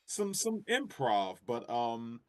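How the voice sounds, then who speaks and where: A man's voice: medium pitch, slow. Man wrapping up a casual stream. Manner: relaxed, full of fillers and restarts. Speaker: streamer host. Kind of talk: casual livestream chat.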